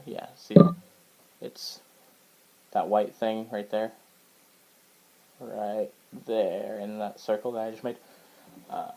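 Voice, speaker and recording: A man with a fairly low voice talks through his new books in a loose, rambling show-and-tell. He hesitates often, restarts his sentences and fills the gaps with ums. A faint hum of the room sits behind him. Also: a little mellow, low-quality recording. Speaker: book collector showing his collection. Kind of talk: casual show-and-tell vlog. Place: indoors at home.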